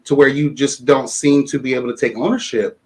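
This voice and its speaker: A man reviewer on a discussion panel, pressing a guest with measured questions about accountability. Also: mid-range voice, fairly even intonation.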